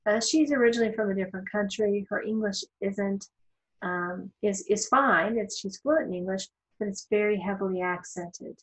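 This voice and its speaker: A woman's voice: medium pitch, normal speed, rough recording. A woman instructor giving a recorded law lecture in a conversational way, with asides and fillers.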